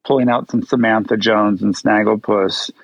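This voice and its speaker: A man who performs in drag, a guest chatting in an animated, theatrical way. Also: on the low side, normal speed, no echo, poor audio. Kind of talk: casual interview chat.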